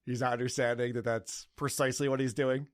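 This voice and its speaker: A man's voice: mid-range voice, level tone, a little fast. A man hosting a podcast, chatting casually and mocking the people he talks about in sarcastic put-on voices. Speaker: podcast host.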